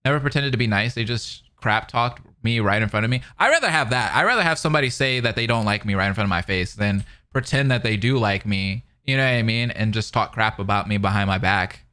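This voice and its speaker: A man's voice: fairly low pitch, fast, few pauses, sharp tone. A young man streaming, reading a novel aloud between rambling, filler-heavy casual chat with viewers. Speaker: streamer reacting to a fan dub.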